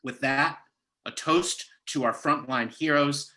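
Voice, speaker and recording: A man's voice: medium pitch, slow, pushed and bright, low-quality recording. A man giving an impassioned political speech over a video call, rallying his audience with a repeated, building cadence. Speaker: candidate speaking at a party gala.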